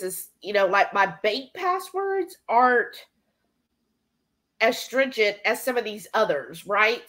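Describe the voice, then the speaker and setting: A woman's voice: medium pitch, sharp tone. A woman hosting a live cooking stream from her home kitchen, chatting casually and rambling as she reads viewer comments aloud. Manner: chatty and rambling, with many fillers. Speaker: livestream cooking host.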